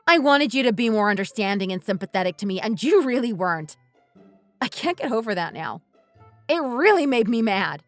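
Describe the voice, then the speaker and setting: A woman's voice: on the high side, very animated, a little fast, dry recording. Brief: woman as fed-up wife, accusing tone, light music behind, dry close sound. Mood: bitter. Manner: bitter, accusing, blunt. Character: resentful wife fed up with her husband. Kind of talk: scripted dialogue drama.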